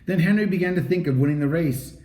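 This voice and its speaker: A man reading a children's chapter book aloud as storybook narration, in an animated, expressive read-aloud manner. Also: on the high side, fast. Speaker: audiobook reader. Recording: roomy echo.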